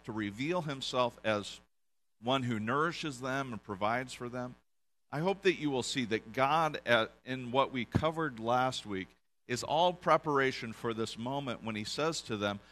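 A man preaching a casual sermon to a congregation, relaxed and joking, often restarting his sentences. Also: medium pitch. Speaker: pastor. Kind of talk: casual sermon with audience volunteers. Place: church in front of a congregation.

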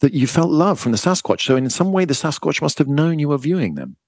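A man hosting a podcast interview, asking measured questions with some hesitation and fillers. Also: fairly high pitch, animated, darkish tone, no echo. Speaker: podcast host.

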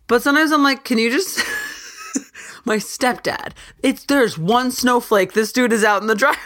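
A young woman hosting a casual solo podcast, ranting in an animated, self-interrupting way. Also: fairly high pitch, moderate pace. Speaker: podcast host.

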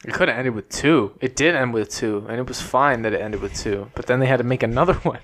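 A man's voice: mid-range voice, brisk, fairly bright tone, slight background noise. A young man co-hosting a casual podcast, easygoing, teasing and asking lots of questions. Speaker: podcast co-host. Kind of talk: casual chat.

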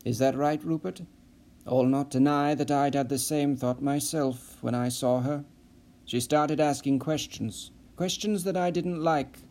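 A cold, composed intelligence official who keeps his voice soft and gives nothing away, as a male narrator plays him. The tone is warm and mellow, close to the narrator's own voice. He sounds calm and evasive. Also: on the high side, a little slow.

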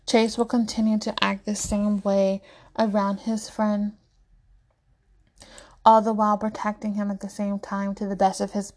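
Woman reading a story aloud. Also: mid-range voice. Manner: even, quick narration with small slips. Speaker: story reader. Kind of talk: reading fan fiction aloud.

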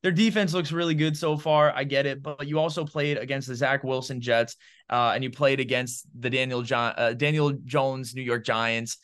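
Speaking at a moderate pace in a clean, medium-pitched voice, a male co-host of a sports podcast gives animated, opinionated football commentary in relaxed chat heavy with "bro" and "man."

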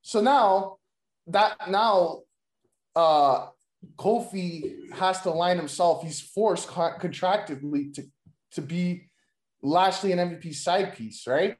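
A man in a casual chat, pitching wrestling storylines in a rambling way, with constant fillers and free swearing. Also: slow pace. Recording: roomy echo.

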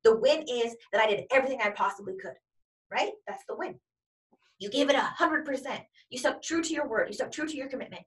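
Emphatic higher-voiced woman coach. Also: expressive, fairly quick, far from the mic. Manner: emphatic and repetitive, piling up examples. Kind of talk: motivational talk.

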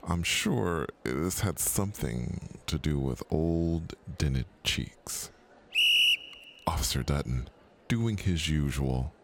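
Very deep, slow-spoken male narrator. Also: lively intonation, heavy background noise. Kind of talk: scripted audio drama narration.

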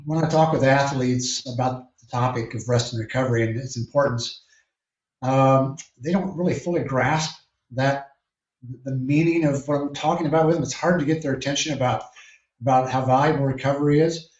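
A man, a triathlon coach, answering interview questions in a measured, explanatory way with frequent restarts. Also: medium pitch, fairly even intonation. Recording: echoey distant lo-fi call.

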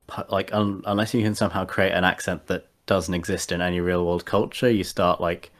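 A man with a very low voice talks casually about tabletop games. He hesitates often, piling up fillers and restarting his sentences as he thinks aloud. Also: flat delivery, brisk. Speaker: podcast guest.

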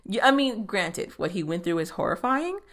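A young woman giving a casual recap of a TV episode, animated and swearing freely, often slipping into quick voices for the characters. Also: mid-range voice.

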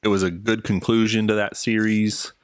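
A man co-hosting a casual film podcast, talking in a halting way with many restarts. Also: on the low side, flat delivery, no echo. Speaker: podcast co-host.

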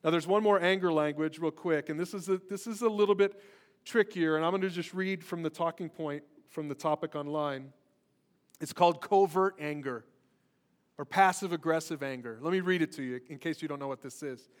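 A man in his forties preaching a sermon, telling stories with emphatic rises and soft, quiet asides. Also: on the high side, fairly quick. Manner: animated storytelling, emphatic, drops to soft asides. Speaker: pastor.

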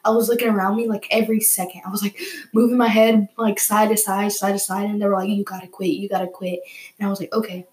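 Young woman hosting a casual podcast, mid-pitched, tells rambling stories and cusses freely, recorded in a roomy space. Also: quick pace. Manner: rambling, animated, swears freely. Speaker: podcast host. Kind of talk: casual storytelling.

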